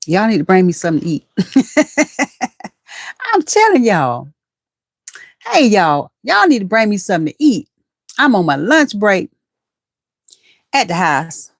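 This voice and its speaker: A middle-aged woman with a drawl, chatting casually into her computer on a home livestream. Her voice sits low and is picked up dry and close, with no room sound. She talks in a folksy, easygoing way, calling out her viewers by name. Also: no room sound. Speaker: livestream host.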